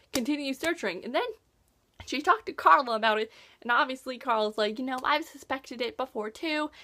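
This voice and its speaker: A teenage girl chatting casually about a book she has read, gushing and chatty, with lots of "like" fillers and lively reactions. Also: sits high. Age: teens. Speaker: book reviewer. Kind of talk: casual book review vlog.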